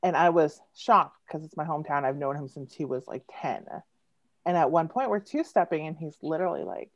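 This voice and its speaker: A woman's voice: sits low, brisk, no echo. Giggly woman on a dull video call. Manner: giggly, animated, laughs often. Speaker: poet guest. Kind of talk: casual storytelling chat. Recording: dull lo-fi online call sound.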